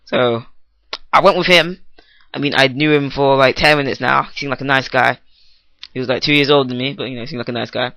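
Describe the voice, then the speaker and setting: A man's voice: medium pitch, fairly even intonation, fairly quick, sharp tone, dry recording. A teenage boy doing an improvised comic rant while testing his microphone, rambling and goofy, often cutting himself off. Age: teens. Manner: rambling, goofy, self-interrupting. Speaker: vlogger. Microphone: testing a new microphone.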